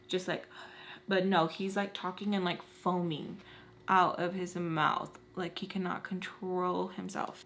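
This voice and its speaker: A woman's voice: mid-range voice, slight background noise. A woman vlogger telling a personal story in a casual, emotional way, using "like" often. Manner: casual, fillers with frequent "like"; intense, emotional retelling. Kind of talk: storytime vlog.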